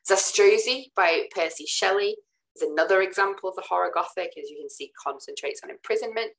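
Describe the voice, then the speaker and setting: Woman lecturer, deep voice, casual and filler-heavy, talking through slides. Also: low-quality recording. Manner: chatty, many ums and "sort of" fillers; relaxed, casual asides to students. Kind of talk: recorded lecture over slides.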